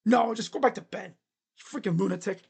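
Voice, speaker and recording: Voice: mid-range voice, a little fast, vocal fry, darkish tone, slightly rough, heavily acted. A streamer voicing an exasperated police officer in a comic skit, with a dry, fed-up manner. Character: exasperated police officer making a late-night arrest.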